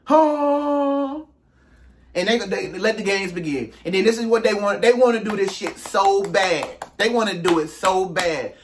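A man's voice: sits high, normal speed, few pauses, a little hiss or hum. A man hosting his own video, giving a casual, slangy motivational monologue with emphatic rhetorical questions. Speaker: self-help video host.

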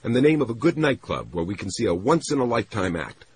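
A man's voice: on the low side, sing-song, fast talker, slight background noise, pitched above the performer's own voice. A man reading an audiobook, voicing an anxious, eager young woman in a raised voice, breathless and pleading. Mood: determined.

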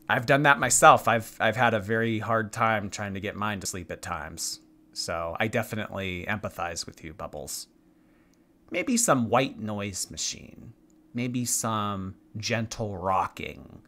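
A man's voice: on the low side, slow, sharp tone. A man hosting a reaction commentary, talking in a dry, mocking, teasing way. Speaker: commentary host.

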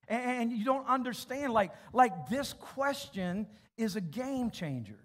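A man's voice: extremely high pitch, expressive, unhurried, hardly any pauses, fairly bright tone. A pastor preaching a sermon to his church congregation, emphatic and direct, often repeating words as he addresses families. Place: church auditorium.

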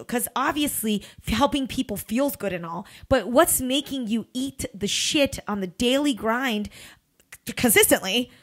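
This podcast host, who also works as a recruiter, is a woman in her thirties giving an informal pep-talk monologue. Her voice carries a breathy edge, and she's direct and forceful, cursing openly while her pitch rises and falls dramatically.

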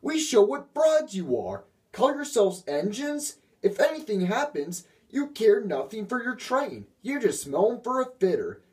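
A man voicing a sharp-tongued male steam engine in a storybook reading, snappy and scornful. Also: sits high, very animated, unhurried, hardly any pauses, voice pushed up, poor audio. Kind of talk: storybook character voice.

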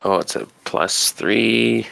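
A man's voice: on the low side, takes it slowly, gravelly, a bit bright. A man running a tabletop game as game master, casually narrating combat and thinking aloud over dice rolls.

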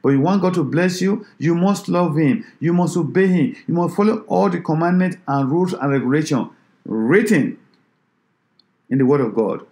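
A man's voice: a little high, expressive, normal speed, darkish tone. A man preaching a sermon who exhorts his listeners with repeated rhetorical questions.

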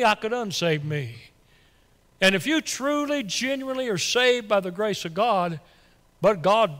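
A man preaching a Sunday sermon as pastor, folksy and excitable, repeating words as he gets worked up. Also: high voice. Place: church sanctuary. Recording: long church reverb.

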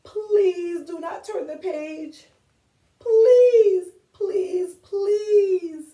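Lady putting on a squeaky, teary little storybook monster, shrill and wobbly, echoey room far from the mic. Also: drawn-out words, warm tone, exaggerated voice. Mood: pleading. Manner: high squeaky pleading, teary. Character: furry lovable blue monster, anxious and pleading.

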